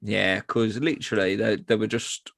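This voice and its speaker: A man's voice: fairly low pitch, steady tone, normal speed, vocal fry, crowd noise. A man casually narrating a wrestling recap as podcast co-host, sweary and sarcastic.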